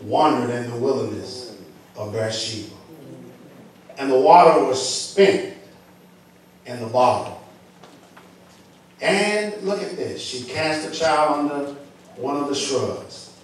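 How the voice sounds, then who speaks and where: A male pastor with a Southern US accent, reading scripture slowly and then preaching with rising emphasis in a church. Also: mid-range voice, expressive. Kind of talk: sermon. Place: church sanctuary. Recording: echoey hall, distant mic.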